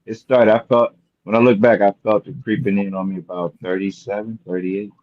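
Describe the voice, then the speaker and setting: Middle-aged male guest, reflective and sincere, very deep voice, remote call sound that is muffled and dry. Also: level tone, a little fast, no echo. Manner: earnest, reflective storytelling. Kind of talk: casual chat. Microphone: remote video call. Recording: dull lo-fi call audio, dry.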